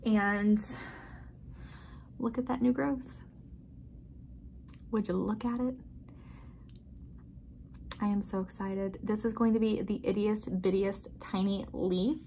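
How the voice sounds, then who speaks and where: A woman giving a casual, chatty tour of her houseplants, gushing and excited, full of filler words. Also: medium pitch, slow pace, gravelly, pauses often, slight background noise. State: a bit out of breath. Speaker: plant vlogger. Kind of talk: casual plant tour vlog. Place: indoors at a grow tent.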